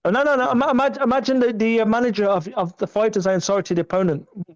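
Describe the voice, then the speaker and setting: A man's voice: high-pitched, steady tone, rapid-fire, no echo, dull audio. A man arguing on a boxing podcast call, stammering and repeating words as he talks over the others. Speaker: podcast panelist. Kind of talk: heated casual debate.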